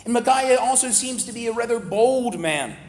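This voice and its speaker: A man with a notably high voice explains a Bible passage at a moderate pace in a relaxed, conversational, plain-spoken way. The recording is roomy, with long reverb trailing each phrase as though captured in a large hall.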